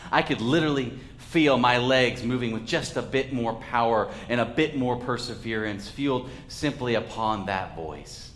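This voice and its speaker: A man's voice: on the low side, a bit bright, roomy sound. Man preaching a reflective sermon. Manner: reflective, measured delivery with dramatic pauses. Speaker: pastor.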